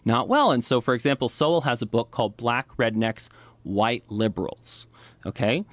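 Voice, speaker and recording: A man's voice: mid-range voice, moderate pace, no echo. A man explaining at length as a podcast guest, lecturing with many "right?" and "you know" asides.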